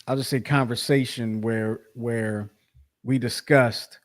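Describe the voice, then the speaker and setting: A man's voice: mid-range voice, steady tone, slow pace. A man co-hosting a sports podcast, chatting casually, rambling with many restarts and fillers. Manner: rambling, repeats himself, frequent fillers. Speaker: podcast co-host.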